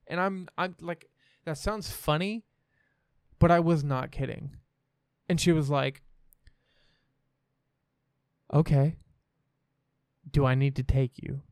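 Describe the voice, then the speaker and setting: A young man speaks as a podcast guest in a smooth, clear voice. He is frank and rambling and swears freely. The sound is close and dry. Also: a little high, a little slow, long pauses, darkish tone, no echo. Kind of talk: candid personal storytelling.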